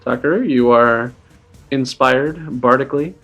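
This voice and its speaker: A man's voice: mid-range voice, measured pace, fairly bright tone, faint music behind. A man narrating as game master of a tabletop game, rambling with many fillers and laughing as he goes.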